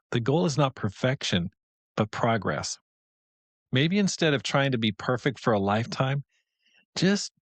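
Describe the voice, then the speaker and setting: A man's voice: mid-range voice, dry recording. Male podcast host, devotional teacher; earnest, conversational, encouraging, mid-range voice.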